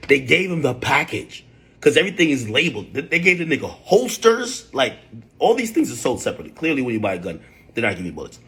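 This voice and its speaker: Male livestream host, husky, animated storyteller, big pitch swings, loud outbursts. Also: fast. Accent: New York. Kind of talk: casual livestream chat.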